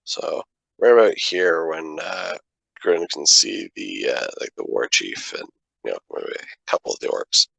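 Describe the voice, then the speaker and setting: A man taking part in a tabletop game, half in character, pausing and restarting as he hunts for words. His voice sits low with a gravelly fry, recorded close and dry. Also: big pitch swings, a bit bright, no room sound, poor audio. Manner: halting, many fillers and restarts. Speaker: player. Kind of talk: tabletop role-play, speaking in character.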